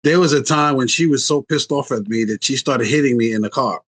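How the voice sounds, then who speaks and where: A man's voice: mid-range voice, a little fast. A man in his sixties, a relationship coach, telling family stories in a casual interview and acting out quotes with a raised voice. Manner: animated, acts out quotes in a raised voice.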